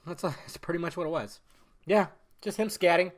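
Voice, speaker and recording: A young man hosting his own podcast, chatting casually, swearing freely and swinging between loud outbursts and mumbled asides. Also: high-pitched, normal speed. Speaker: podcast host. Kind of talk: casual solo podcast chat.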